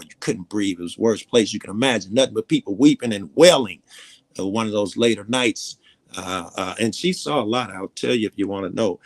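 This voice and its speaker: A man's voice: mid-range voice, dry recording. A man telling a personal story in casual conversation, blunt and profane, rambling as he goes. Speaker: panel guest.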